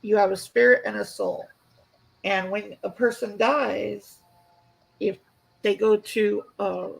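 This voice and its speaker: A woman co-hosting a casual online chat show, talking in a relaxed, somewhat hesitant way. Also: medium pitch, slow, vocal fry, husky, low-quality recording. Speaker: co-host.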